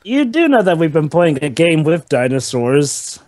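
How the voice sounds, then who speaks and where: Brief: man, high and very lively voice, jokey movie-commentary chatter, dry close sound. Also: normal speed, no echo. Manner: jokey, mock-dramatic interjections. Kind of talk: casual movie commentary chat.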